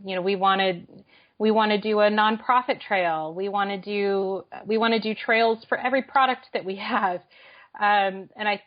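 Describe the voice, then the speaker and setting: Quick, eager woman podcast guest. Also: mid-range voice. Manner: quick, eager, talks in bursts with fillers. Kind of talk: casual interview chat. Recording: slightly muffled podcast recording.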